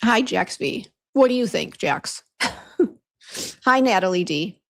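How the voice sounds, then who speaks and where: Her medium-pitched voice is creaky and expressive, and she takes things slowly. Hosting a livestream as a beauty brand owner, she reads viewer comments, greets people by name, and vents about a bad hair appointment with many fillers and restarts.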